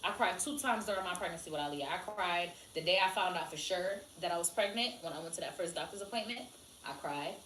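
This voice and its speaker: A woman co-hosting a podcast, telling animated stories in casual chat and swearing freely. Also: fairly low pitch, fast talker, a little hiss or hum. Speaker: podcast co-host. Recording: echoey room, mic at a distance.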